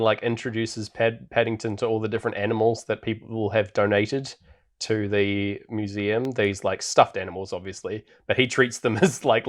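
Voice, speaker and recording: Laughing, rambling male podcast host. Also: fairly low pitch. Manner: chatty recapping with frequent ums and laughs. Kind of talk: casual chat.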